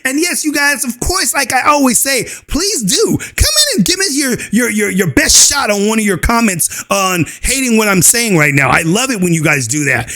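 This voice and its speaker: A man's voice: very high voice, big pitch swings, normal speed, few pauses, pushed and bright. A man hosting his own channel, delivering a mocking, scornful rant and laughing often. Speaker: channel host. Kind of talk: ranting commentary video.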